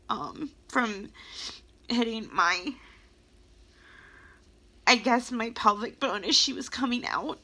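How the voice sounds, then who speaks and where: A young woman speaks slowly and haltingly, filling pauses with ums as she tells her story to the camera. Her voice is bright and emotional, close to tears at times. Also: fairly high pitch. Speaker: vlogger telling her birth story.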